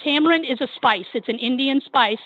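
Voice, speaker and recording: A woman working as a restaurant manager who answers a caller on the phone and firmly asks him to calm down. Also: high voice, brisk, slightly rough, no echo, narrow, tinny audio. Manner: firm and patient, repeatedly asking the caller to calm down. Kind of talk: phone customer service.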